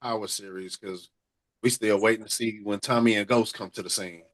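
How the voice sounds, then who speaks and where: A man's voice: lowish voice, steady tone, fairly quick, fairly bright tone, poor audio. A man hosting a casual talk podcast, rambling in an easygoing way with lots of fillers. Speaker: podcast host. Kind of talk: casual chat.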